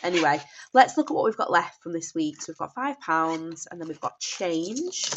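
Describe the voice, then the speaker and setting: A woman's voice: on the low side, lively intonation, moderate pace, noisy background. A woman in her thirties from the North West of England with a Northern English accent, congested from a cold and sounding nasal, chatting casually and apologetically about her spending. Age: 30s. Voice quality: nasal, bunged up. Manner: chatty, apologetic, often restarts and says sorry. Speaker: budgeting vlogger. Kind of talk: casual chat. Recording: dull lo-fi home recording.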